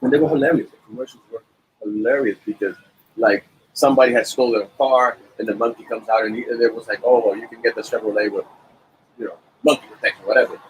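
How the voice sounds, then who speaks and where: A man's voice: fairly low pitch, quick pace, slight background noise, poor audio. A middle-aged man, a musician, telling stories in a casual interview at a cafe and acting out the quotes of the people in them. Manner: animated anecdotes with acted-out quotes. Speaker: musician guest.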